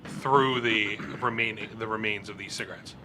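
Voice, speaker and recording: A man narrating a tabletop role-playing game as game master, describing scenes in a relaxed, halting way with many fillers. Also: fairly low pitch, a crowd in the background.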